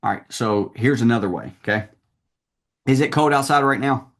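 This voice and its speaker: A man's voice: medium pitch, moderate pace, fairly bright tone. A man coaching a salesperson one-on-one, talking in a confident, direct way.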